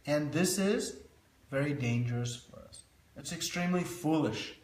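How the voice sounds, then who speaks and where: A man's voice: on the high side, normal speed, a little mellow, a little hiss or hum. A man teaching a devotional scripture class, telling stories to illustrate his points. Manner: storytelling, illustrative. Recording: roomy echo.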